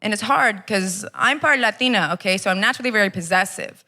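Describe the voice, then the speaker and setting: A woman's voice: mid-range voice, fast talker, bright, forceful tone. A young American woman performing a brash stand-up set, swearing and teasing the crowd at a comedy club. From Los Angeles area, US. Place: comedy club stage with live audience.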